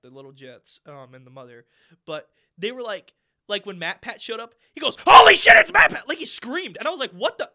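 A man's voice: high-pitched, sharp tone. A young man co-hosting a casual podcast chat, ranting and swearing freely with lots of fillers. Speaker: podcast co-host.

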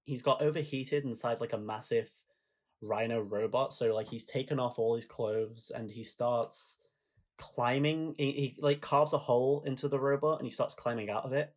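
Guy cohosting a film podcast, excited and chatty, laughs a lot telling scenes. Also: mid-range voice, moderate pace. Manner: enthusiastic, retells scenes with laughs. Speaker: podcast co-host. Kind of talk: casual film chat.

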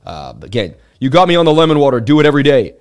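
A man hosting a live market-analysis stream, talking in a chatty, excitable way and turning to his viewers to answer chat between chart readings. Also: mid-range voice, very fast, clear, resonant tone. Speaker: livestream host.

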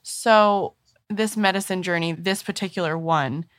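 A woman's voice: fairly low pitch, measured pace, a bit bright, no room sound. A woman hosting a podcast who asks curious, attentive questions and gives brief responses. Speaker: podcast host.

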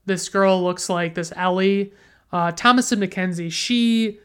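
A woman's voice: lowish voice, a little slow, fairly bright tone, clear, resonant tone. A woman hosting a casual movie review show, rambling and restarting her sentences, blunt and swearing freely. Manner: rambling, frequent restarts and profanity, blunt opinions.

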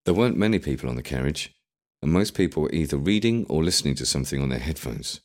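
Very deep-voiced male audiobook narrator. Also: fast talker. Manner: storytelling, expressive.

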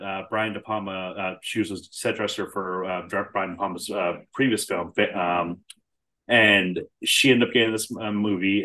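A man's voice: sits low, bright, forceful tone. A man co-hosting a podcast, chatting casually about a film, swearing freely and laughing often. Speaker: podcast co-host.

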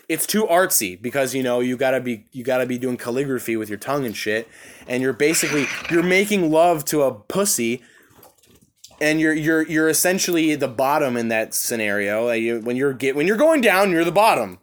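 Picture a young man in casual podcast chat, swinging his voice up and down as he tells stories with excitable, profane energy. His tone sits a little higher than most men's. He talks like a host riffing with a friend, loose and vulgar. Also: a little fast. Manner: excitable, profane, animated storytelling.

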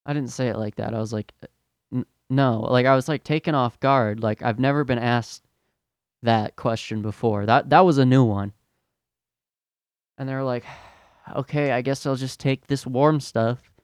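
A man's voice: mid-range voice, moderate pace, long pauses, no room sound, studio quality. A young man hosting a podcast, ranting in a fed-up, profane, exasperated way about his retail job. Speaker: podcast host, retail worker.

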